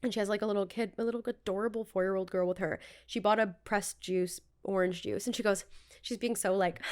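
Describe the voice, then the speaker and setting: A young woman co-hosting a podcast, telling animated stories in casual chat, acting out quotes and laughing often. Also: mid-range voice, fairly quick. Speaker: podcast co-host.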